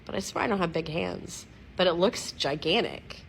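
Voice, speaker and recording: Low-voiced, rambling, giggly woman. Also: expressive, moderate pace, few pauses, slight background noise. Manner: rambling, giggly, self-mocking, digresses often; clears throat often. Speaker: vlogger updating followers. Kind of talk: casual chatty video update. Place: at home, lying against her dog.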